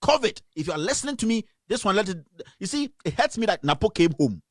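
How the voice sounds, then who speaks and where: A man's voice: high voice, big pitch swings, quick pace, no room sound, studio quality. A Ghanaian man hosting a radio stream, giving angry, impassioned news commentary and repeating himself. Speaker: radio host. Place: home in the United States.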